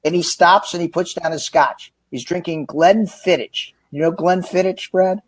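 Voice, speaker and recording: Animated storytelling man, higher voice. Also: moderate pace. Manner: animated, acts out quoted dialogue, jokey. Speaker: author and sales executive. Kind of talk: casual interview storytelling. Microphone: remote livestream call.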